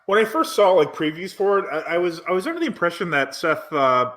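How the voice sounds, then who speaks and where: A man's voice: high voice, sing-song, brisk, a bit bright. A man with the hiccups, chatting casually on a podcast about a movie he watched, rambling with many restarts. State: has the hiccups. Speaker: podcast co-host. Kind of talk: casual chat reviewing a movie.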